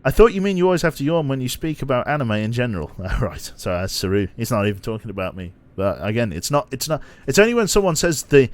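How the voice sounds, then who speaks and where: British man, young adult, streamer, casual commentary, playful, self-mocking, animated pitch. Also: fast, few pauses. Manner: playful, self-mocking, yawning and laughing at chat.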